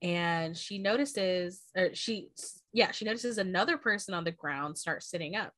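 Woman on a book podcast, low-ish voice, dry close sound, swears a lot, retells the story. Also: normal speed, a bit bright, no room sound. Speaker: podcast co-host. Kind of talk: casual book-club chat.

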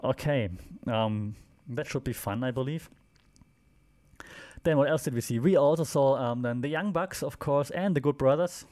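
A man's voice: medium pitch, a little mellow. A man hosting a solo podcast, recapping the week's events in a loose, rambling way with frequent fillers and dry asides. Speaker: podcast host. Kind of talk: casual solo wrestling recap.

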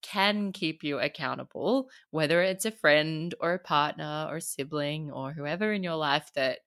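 A woman's voice: low-pitched, unhurried, a bit bright. A woman with an Australian accent, a coach, explaining ideas in casual podcast chat and laughing often as she talks.

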